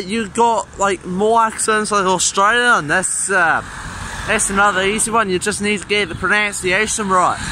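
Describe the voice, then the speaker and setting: A man's voice: high voice, bright, forceful tone. A young man with a Welsh accent, rambling casually as a vlogger while he walks outdoors to a bus stop, talking into a handheld phone. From Wales. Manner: rambling and offhand, with loose swearing. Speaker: gaming YouTuber. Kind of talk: casual vlog chat. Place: outdoors on a busy street, walking to a bus stop. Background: passing traffic.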